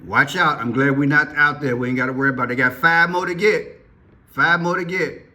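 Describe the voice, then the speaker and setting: A male vlogger talks over a news story with a bright, tense edge to his voice. His speech is loose and skeptical, and he keeps stumbling and restarting his sentences. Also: on the high side, brisk. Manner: skeptical, repetitive, rambling with restarts. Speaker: commentary channel host. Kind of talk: casual news commentary.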